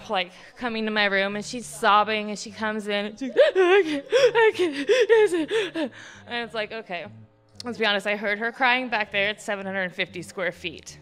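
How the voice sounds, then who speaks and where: A woman's voice: mid-range voice, sharp tone, clear, resonant tone. A woman in her thirties doing a self-deprecating stand-up set about her kids at a live comedy show, with lots of ums. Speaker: stand-up comic. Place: live comedy club stage.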